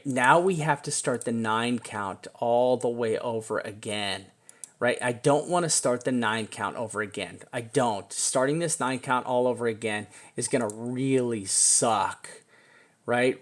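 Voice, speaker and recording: A man giving a casual, excitable walkthrough of trading charts as a crypto analyst. He chats to the chart as he goes and throws in casual swears. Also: mid-range voice, moderate pace.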